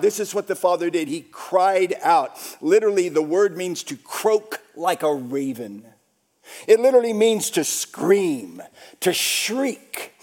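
A male pastor preaching a sermon, repeating phrases for emphasis and swinging between shouts and hushed whispers. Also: high voice.

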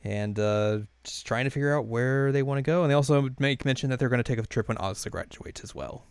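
A man casually recapping an anime episode in a loose, rambling way, with lots of fillers and quick quoted lines. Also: mid-range voice, smooth, no room sound. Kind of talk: casual chat.

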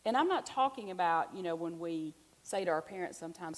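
A woman preaches in a relaxed, chatty way, with a slightly low voice. She tells stories and asks her listeners questions as she goes. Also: fairly quick, creaky, poor audio. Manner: chatty, animated storytelling with rhetorical questions to the congregation. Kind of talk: conversational sermon.

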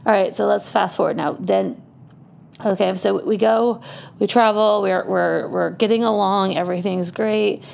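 A woman telling a personal story in a loose, chatty way, often breaking into laughter as she goes. Her voice has a gravelly vocal fry, and a faint low rumble sits underneath. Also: steady tone, normal speed, darkish tone.

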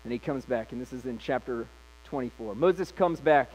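A man's voice: medium pitch, normal speed, a little mellow, a little hiss or hum, rough recording. A male pastor preaching a sermon, retelling scripture in a casual, conversational way.

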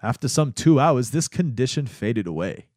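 A dreamy male chemist, as a podcaster puts him on, reading his account slowly and raised in pitch. The voice is set back a little from the mic and floats along in a drawn-out, wondering way. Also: big pitch swings, a little mellow, dry recording, studio quality, natural voice. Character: male chemist recounting a dreamy drug experience.

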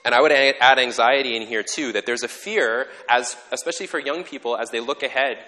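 Male pastor, middle pitch, earnest and reflective sermon delivery, long church-hall echo. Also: brisk, bright, forceful tone. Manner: earnest, reflective, explains ideas step by step. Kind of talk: conversational sermon. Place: church sanctuary.

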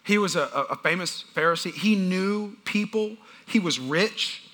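Very high-voiced, bright male preacher. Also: normal speed. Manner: animated, acts out family scenes; talks with the congregation. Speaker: pastor. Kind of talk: humorous storytelling sermon.

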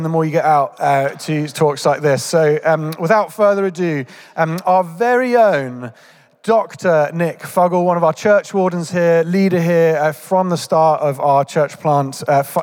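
A man's voice: fairly high pitch, normal speed, a little mellow, in a large hall. A man leading a church service, introducing speakers in a chatty, joking way with frequent self-corrections. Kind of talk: casual sermon introduction. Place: church hall.

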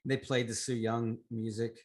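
A man's voice: medium pitch, little pitch movement, moderate pace. A man co-hosting a podcast, chatting casually and giving his opinions on wrestling. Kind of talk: casual chat about wrestling.

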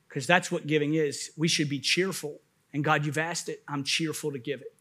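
A man preaching a sermon as a pastor, telling a personal story in an animated way that swings from hushed to loud. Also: fairly high pitch, normal speed.

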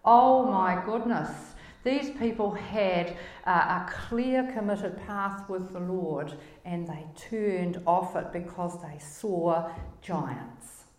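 A woman's voice: fairly low pitch, slow, a little mellow. A woman with a crackly voice giving a conversational Bible teaching, emphatic and full of rhetorical questions. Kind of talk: conversational sermon. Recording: roomy echo.

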